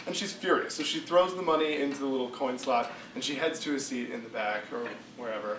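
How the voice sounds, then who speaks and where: Young guy telling a joke to his buddies, kinda rambly, bright voice, echoey room from far off. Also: medium pitch, a little fast. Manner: rambling, loose storytelling with fillers. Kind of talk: telling jokes to friends. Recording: roomy, distant camera mic, noisy.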